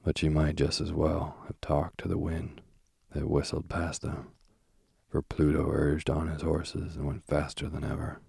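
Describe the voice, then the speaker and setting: A man reading a storybook aloud in a measured, even way. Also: very deep voice, gravelly, breathy edge, no echo, studio quality. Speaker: narrator.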